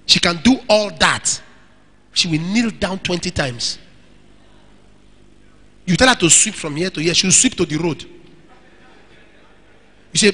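A man's voice: high voice, sharp tone, slightly rough. A middle-aged male pastor preaching in a church hall, answering questions from the congregation and acting out quoted dialogue with emphasis. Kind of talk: sermon with audience Q&A.

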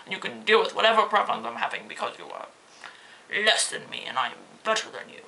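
A woman's voice: mid-range voice, sing-song, quick pace, vocal fry, sharp tone, slight background noise, heavily acted, low-quality recording. A woman putting on the voice of a smug, condescending customer who looks down on gas station staff. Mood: sneering. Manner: sneering, superior.

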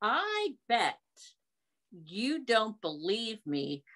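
Slow sing-song woman reading to kids. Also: on the high side, huge pitch swings, a bit bright. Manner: sing-song, coaxing, asks children questions. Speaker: children's storytime reader. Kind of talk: reading a picture book aloud to children.

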